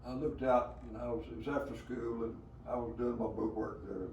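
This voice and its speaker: A man's voice: mid-range voice, fairly even intonation, brisk, a little mellow, muffled recording. Elderly Southern man telling old stories. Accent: Southern American. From rural Alabama. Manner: rambling storyteller, many hesitations and chuckles. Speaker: veteran being interviewed. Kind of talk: storytelling interview. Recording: roomy, from a distance, faint background noise.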